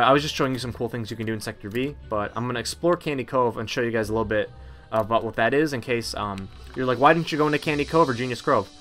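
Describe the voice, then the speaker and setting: A man's voice: mid-range voice, fairly bright tone. A man casually narrating a game walkthrough, chatty and rambling with many ums and uhs. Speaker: gameplay narrator.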